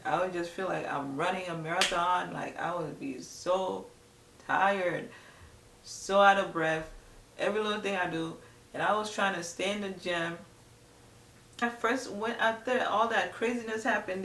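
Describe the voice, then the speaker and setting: A woman's voice: on the low side, steady tone, a little slow, a bit bright, distant mic, a little hiss or hum. A young adult woman chatting casually to camera as a vlogger, rambling with lots of "like". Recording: echoey room, voice a bit off-mic.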